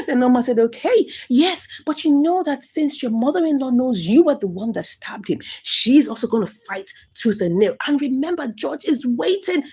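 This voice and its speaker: Woman, movie recap commentary, high and animated voice, laughs and whispers. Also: moderate pace.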